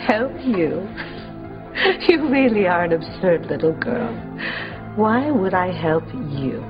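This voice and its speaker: A woman's voice: fairly low pitch, animated, slow. An actress playing a cold, contemptuous woman villain in a soap opera. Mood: scornful. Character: scornful vengeful woman villain. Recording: dull broadcast sound with music.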